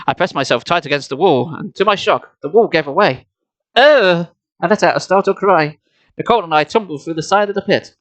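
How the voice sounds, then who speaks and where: A man's voice: on the high side, fairly bright tone. A man reading a children's horror book aloud on a live stream, playful and mocking himself between passages. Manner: playful, self-mocking asides between narration. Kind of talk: live storybook reading with asides. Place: home streaming setup. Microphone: desk mic, laptop.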